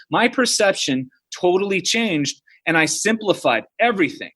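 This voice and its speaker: During a podcast interview, a man from the United States in his thirties shares personal stories casually, peppered with "like" and "dude." His high, husky voice is animated, bright and forceful, moving at normal speed with hardly any pauses.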